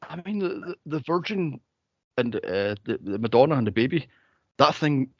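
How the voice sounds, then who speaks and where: Animated man acting out movie scenes. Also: normal speed, no echo, highs cut off. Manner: animated storyteller, acts out scenes in high squeals. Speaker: podcast co-host. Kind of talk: casual movie podcast chat.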